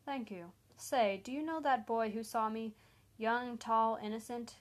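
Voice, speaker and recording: A woman's voice: fairly high pitch, fairly even intonation, unhurried, lightly acted. A woman reading a story and voicing a smug, cruel male hitman who taunts his victim. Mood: taunting.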